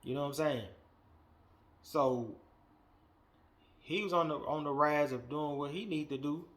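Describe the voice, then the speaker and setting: A man hosting a wrestling podcast, giving a blunt, profane, animated opinion rant that swings between muttering and loud outbursts. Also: fairly high pitch, measured pace.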